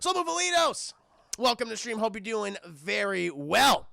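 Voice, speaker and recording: A man giving a casual, animated and profane spoiler review of a film while talking to his live chat. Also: high-pitched, measured pace, vocal fry, no echo, studio quality.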